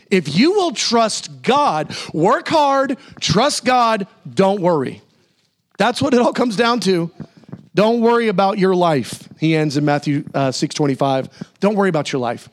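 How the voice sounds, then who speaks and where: Guy preaching a sermon, animated, jumps way up high on exclamations. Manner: animated preaching with sudden high exclamations and slow emphatic repetition. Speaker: pastor.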